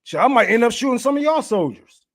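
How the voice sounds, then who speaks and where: A man's voice: very high voice, very animated, fast talker. A man giving a casual political rant, profane and heated, laughing often as he talks. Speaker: political commentator.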